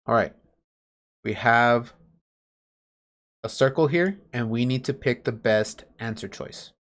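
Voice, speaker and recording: A man's voice: mid-range voice, slow pace, a bit bright. Male teacher, mid-range voice, patient and plain-spoken, teaching over a video call. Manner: patient, explains with everyday examples. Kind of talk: online class lesson.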